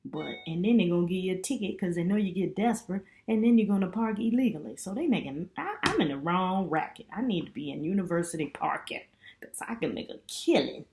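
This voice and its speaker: Low-voiced woman telling a chatty story. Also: brisk. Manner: chatty, animated retelling with lots of "you know". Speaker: student vlogger. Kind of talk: casual storytelling vlog.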